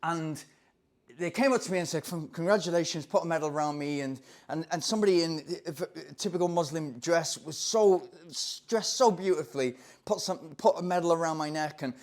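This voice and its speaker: A man from England, a running coach telling a story in an animated, excitable way. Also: on the high side, a little fast. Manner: animated, excitable, acts out voices in anecdotes. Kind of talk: casual storytelling to camera.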